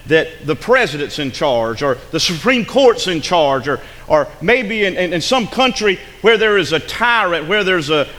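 A man's voice: high-pitched, fairly bright tone. A man preaching a sermon as pastor, emphatic and repeating lines for effect. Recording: long hall reverb.

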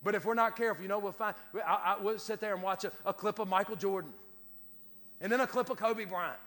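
A quick-paced man with a high-pitched, fairly bright voice delivers a sermon as pastor. He keeps restarting phrases and repeating himself until his words climb into a preacher's cadence, all echoing with long hall reverb.

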